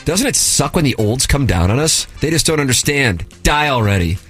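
A man's voice: medium pitch, sing-song, moderate pace, fairly bright tone, faint music behind. A man hosting a radio show, reading listener emails aloud with a sarcastic, mock-formal delivery.

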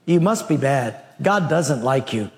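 A man's voice: medium pitch, expressive, unhurried, long reverb tail, voice pushed down. Man voicing blunt, accusing critics. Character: three harsh male critics.

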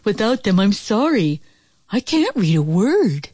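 A woman voicing three fussy little pigs from a storybook in high, squeaky voices. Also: big pitch swings, a little slow, dark tone, breathy edge, dry recording, studio quality.

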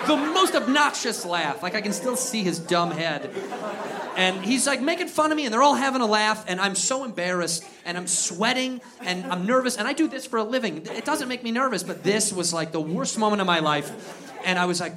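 A man telling a story in a stand-up set, animated, with loud punchlines. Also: sits high, brisk. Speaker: stand-up comedian. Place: comedy club with live audience. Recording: crowd laughter and noise.

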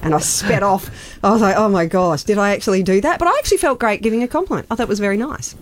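Australian woman radio co-host, chatty storyteller who acts out voices, mid pitch. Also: racing. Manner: expressive, acts out quoted voices. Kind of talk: animated storytelling chat.

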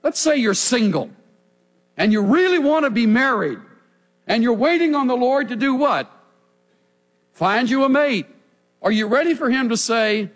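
A man preaches in a high, lively voice that swings widely up and down. He presses his points home with emphatic rhetorical questions. The sound carries a long reverb, as in a large hall. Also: normal speed, long pauses. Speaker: pastor. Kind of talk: sermon.

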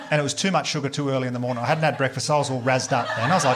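A man doing stand-up comedy, telling sweary, animated stories and slipping into voices for the people in them. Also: fairly high pitch, racing, background noise. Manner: animated, sweary storytelling with put-on quoted voices.

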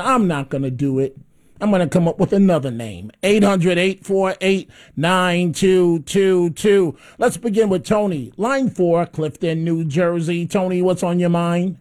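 A man's voice: sits high, measured pace, a little mellow. A man hosting a talk radio show, blunt and mocking, often repeating himself as he takes calls.

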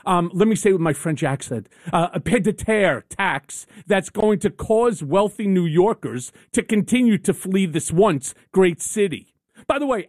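A woman's voice: mid-range voice, darkish tone, no echo. Woman radio host doing a fired-up monologue, voice jumps all over, dry close sound, punchy short lines. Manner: emphatic, rhetorical, builds lists of short punchy sentences. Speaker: radio talk show host. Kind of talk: opinion monologue.

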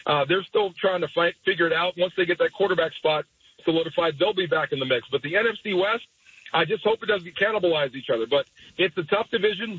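A man who played in the league, now a radio analyst, giving confident, measured football analysis as a guest on a sports talk show. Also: high voice, a bit bright, breathy edge, dry recording. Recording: dull lo-fi studio sound.

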